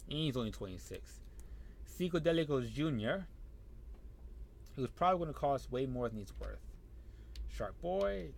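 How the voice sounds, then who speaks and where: In a medium-pitched, darkish voice with slight hiss or hum, a young man offers relaxed let's-play commentary on a wrestling management game. He mutters, thinks out loud, and speaks to the characters on screen.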